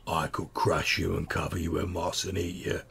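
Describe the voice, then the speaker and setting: A man voicing a hulking, slow-witted male clay giant who guards a door and threatens to eat visitors. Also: low-pitched, little pitch movement, vocal fry, fairly bright tone, slight background noise, voice pushed down, full character voice. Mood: menacing.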